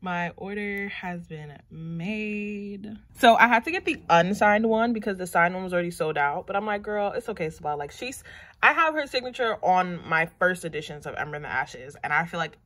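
Gushing, excitable young woman vlogger. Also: lowish voice, normal speed. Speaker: book vlogger. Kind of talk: casual vlog chat.

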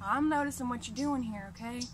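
A woman's voice: fairly high pitch, a little fast, background noise. A woman at home, ranting angrily and profanely to her camera in a heated, repetitive, confrontational way. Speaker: vlogger. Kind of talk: angry direct-to-camera rant.

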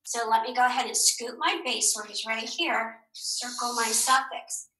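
Woman teacher, phonics lesson for kids, slow and patient, bright voice, echoey room. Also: fairly high pitch, fairly even intonation. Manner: slow, encouraging, asks questions and answers them herself. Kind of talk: recorded phonics lesson for young children.

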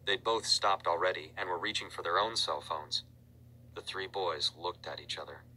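A man narrating a storybook aloud in a steady storytelling manner. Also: low-pitched, normal speed, slight background noise, poor audio. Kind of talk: audiobook reading.

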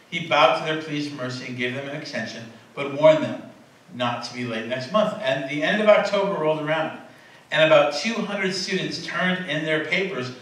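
A fairly high-voiced man delivers a sermon in a casual, chatty way, often stopping to fix his words and laughing with his listeners. He is recorded from a distance in a very reverberant church sanctuary, with faint room noise behind him. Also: normal speed, fairly bright tone. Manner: conversational, self-correcting, laughing asides to the congregation. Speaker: preacher.

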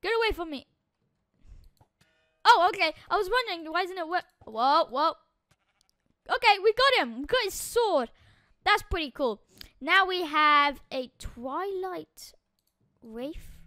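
A woman hosting a gaming channel, giving excitable Minecraft gameplay commentary full of exclamations and urging. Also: high-pitched, a little slow, long pauses, no echo, clean studio sound.

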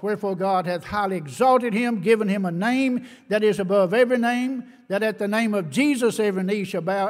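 A man with a notably high voice preaches a sermon, reading scripture in old-fashioned wording. He is emphatic, slowing down to press on key words. His voice rings with the long reverb of a church hall. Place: church sanctuary.

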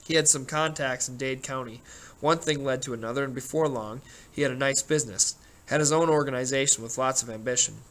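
A man reading a gruff, middle-aged sheriff who spins long folksy yarns at an ordinary pitch. He rambles and growls his way through the telling, like a storybook lawman who loves to talk. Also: steady tone, a little fast, a bit bright, lightly acted. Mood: folksy storytelling.

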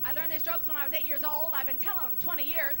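A woman's voice: high-pitched, fairly even intonation, quick pace, noisy background. A woman in her forties telling bawdy jokes on a concert stage in a brassy, teasing way. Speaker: singer and comedian on stage. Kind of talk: live stand-up joke telling in concert. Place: large concert hall stage.

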